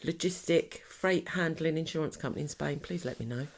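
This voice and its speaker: A woman's voice: low-pitched, a little fast, vocal fry. A middle-aged woman, co-hosting a podcast in casual, teasing chat and laughing often. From England. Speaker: podcast co-host.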